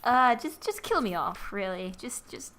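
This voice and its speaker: A woman's voice: medium pitch, very animated, measured pace, a bit bright, a little hiss or hum. A woman casually commenting while she plays a video game, giggling often and muttering flustered, self-mocking remarks to herself. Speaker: gamer playing and commenting. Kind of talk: casual let's-play commentary.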